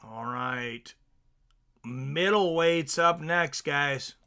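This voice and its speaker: A man hosting a casual fight watch-along stream, chatting excitedly and reading viewer comments aloud. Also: a little high, extremely slow, clean tone.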